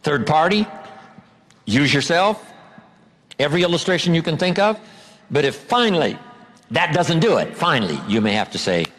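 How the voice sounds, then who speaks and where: A man giving a motivational seminar lecture, emphatic and drawing out key words slowly. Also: fairly high pitch, very animated, fairly bright tone, a little hiss or hum. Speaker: seminar speaker. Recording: long hall reverb.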